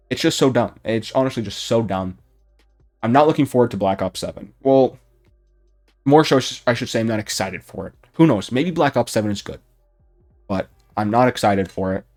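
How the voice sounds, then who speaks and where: A young gaming YouTuber offers unscripted commentary on a video game, getting heated and profane as his medium-pitched voice climbs toward shouting.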